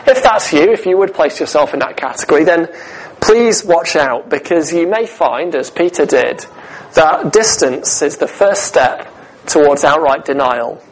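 A man delivering a sermon with a fairly high voice. He speaks in an earnest, emphatic way and lets key words land with slow pauses. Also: expressive, low-quality recording. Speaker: preacher.

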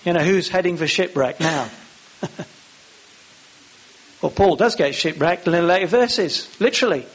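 A man preaching a sermon, acting out the lines of the Bible characters with lively emphasis. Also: high-pitched, normal speed, pauses often, breathy edge.

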